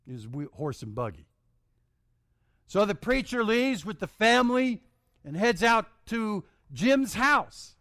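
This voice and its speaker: A man with a fairly high voice preaches by telling a story, dropping low and quiet then rising to shouts. His voice is recorded dry and close, with no room echo. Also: big pitch swings, slow. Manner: dramatic, swings from hushed to shouting. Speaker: pastor. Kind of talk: storytelling sermon.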